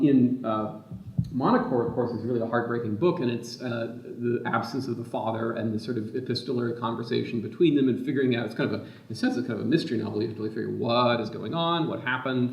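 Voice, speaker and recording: A man's voice: medium pitch, a little mellow. Rambling scholar man in a muffled echoey hall. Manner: thoughtful, meandering, self-correcting. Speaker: literary scholar, panelist. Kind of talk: academic discussion. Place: lecture room. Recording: distant, muffled, echoey room.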